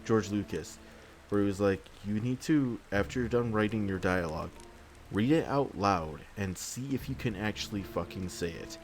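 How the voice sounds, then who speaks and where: A man's voice: lowish voice, moderate pace, slight background noise. A man hosting a game playthrough, ranting in an exasperated, rambling way and swearing often. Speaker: let's play host. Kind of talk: gameplay commentary, ranting.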